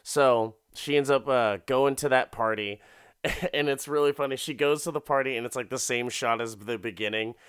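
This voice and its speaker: A man's voice: mid-range voice, normal speed, a bit bright, smooth, dry recording, clean studio sound. Profane rambling man recapping a movie. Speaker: film recapper. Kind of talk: casual retelling of a movie.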